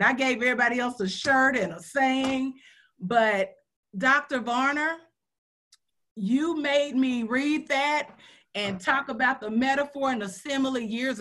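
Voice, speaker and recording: Woman host, slow and earnest, bright higher voice, video-call sound. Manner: heartfelt, earnest, near tears at times. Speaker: radio host. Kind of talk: emotional hosting on a video call.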